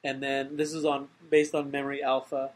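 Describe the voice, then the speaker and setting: A man co-hosting a podcast, casually recapping a movie with lots of fillers and loud goofy impressions. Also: medium pitch, completely flat delivery, normal speed, poor audio. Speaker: podcast co-host.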